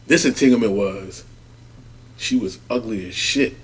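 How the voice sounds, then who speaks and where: A man, co-hosting a podcast and telling a long, profane story in casual chat, animated and acting out other people's voices. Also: on the low side, measured pace, slightly rough. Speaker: podcast co-host.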